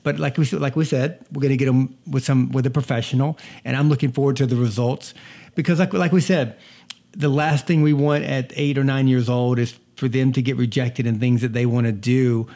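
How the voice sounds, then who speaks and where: A man's voice: mid-range voice, steady tone, brisk, creaky, warm tone. A man with a mixed Southern US accent from North Georgia, chatting casually as a family vlogger and telling stories with a slight stutter. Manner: talkative storyteller, repeats words, slight stutter. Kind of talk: casual chat.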